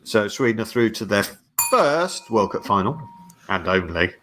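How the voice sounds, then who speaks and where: A man co-hosting a comedy podcast, telling football history in a dry, steady storytelling manner. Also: fairly low pitch, normal speed, faint music behind. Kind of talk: casual podcast chat.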